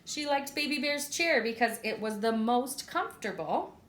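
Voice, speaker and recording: A preschool teacher, a woman, reading a story aloud and asking the children questions in a clear, expressive way. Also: on the high side, normal speed. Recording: echoey room.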